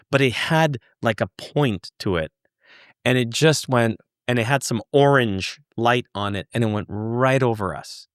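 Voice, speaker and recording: A man guest on a podcast, earnestly telling a story, halting and searching for words, swearing for emphasis. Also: medium pitch, a bit bright, no echo, clean studio sound. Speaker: podcast guest, former UFO investigator. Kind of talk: conversational storytelling.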